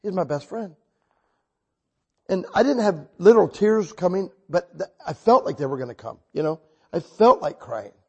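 A husky-voiced man preaches in a storytelling sermon, his pitch a touch high for a man. He swings from quiet, drawn-out asides to loud, excited bursts. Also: highs cut off. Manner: animated, bursts loud when quoting himself.

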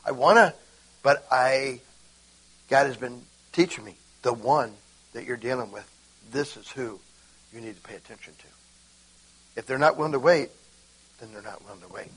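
A man preaching an informal sermon, animated and acting out conversations with God. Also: medium pitch, moderate pace, pauses often, breathy edge, rough recording.

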